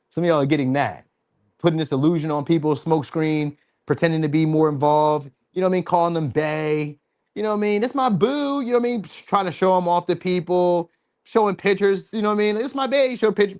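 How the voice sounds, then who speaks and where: Man, tarot vlogger, slightly high voice; casual, profane, playful, with squeaky mock voices. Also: darkish tone. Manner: loose, profane, joking delivery; slips into high-pitched mock voices when quoting. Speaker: tarot reader. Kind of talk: casual tarot reading vlog.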